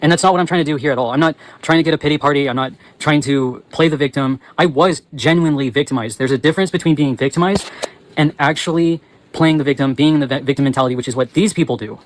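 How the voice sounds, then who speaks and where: A man with a slightly high voice rants to his viewers, angry and profane, now and then breaking into yells. He talks on the move as he walks along, hosting his own channel. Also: fast talker, slight background noise, rough recording. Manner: angry, profane, yelling at times; talks while walking. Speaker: channel host. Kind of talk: ranting livestream monologue.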